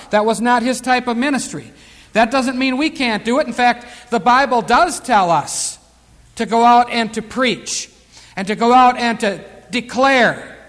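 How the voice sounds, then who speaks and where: High-voiced man preaching in a reverberant hall. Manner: emphatic preaching that drops to hushed storytelling. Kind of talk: sermon.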